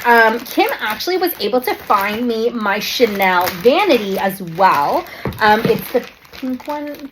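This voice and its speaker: A young woman in her twenties talking casually in a handbag unboxing vlog, gushing and excitable, full of "like" and "um", teary with excitement at times. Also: a little high, a little hiss or hum. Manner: gushing and excitable, lots of fillers like "like" and "um". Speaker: luxury handbag vlogger.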